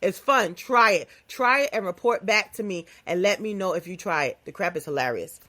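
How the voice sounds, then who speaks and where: A woman hosting her own podcast, talking in a playful, animated, casual comedic monologue with phrasing. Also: mid-range voice, normal speed. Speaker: podcast host.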